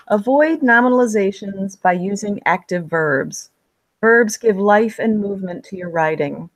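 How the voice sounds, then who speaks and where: A woman narrating a writing lesson in a clear, measured way, reading examples aloud with the odd slip. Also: mid-range voice, dry recording, poor audio. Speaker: writing instructor. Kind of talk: scripted instructional narration.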